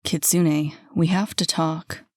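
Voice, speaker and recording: A woman voicing a grave male doctor who speaks quietly and with resignation. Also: low voice, steady tone, takes it slowly, dry recording, clean studio sound.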